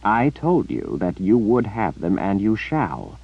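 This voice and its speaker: A man's voice: lowish voice, wildly swooping pitch, a little slow, gravelly, breathy edge, no echo, highs cut off, exaggerated voice. A man reading an audiobook, voicing an arrogant, theatrical male sorcerer who drawls and dismisses others with scorn. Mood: haughty.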